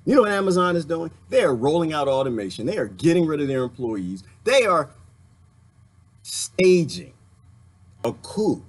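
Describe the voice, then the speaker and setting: A man delivering an impassioned political rant, fiery and heated, swinging between outbursts and muttering to calm himself. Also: fairly high pitch, normal speed. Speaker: commentary vlogger.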